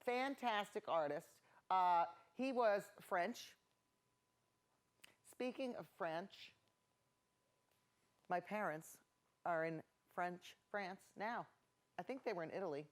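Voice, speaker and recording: A woman's voice: fairly low pitch, slow pace, long pauses. A middle-aged woman hosting a painting lesson, rambling through self-mocking stories as she paints. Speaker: painting show host.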